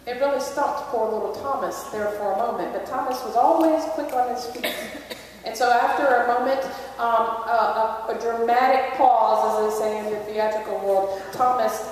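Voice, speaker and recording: A woman's voice: on the high side, normal speed, a little mellow, slight background noise. Woman pastor in an echoey church. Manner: conversational storytelling. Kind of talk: Christmas Eve sermon. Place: large church sanctuary. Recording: echoey church hall, distant mic.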